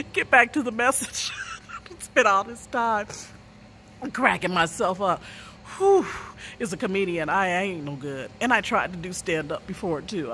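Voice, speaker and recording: A woman's voice: lowish voice, a bit bright, a little hiss or hum. A woman, an author, telling a story casually and laughing through her own words.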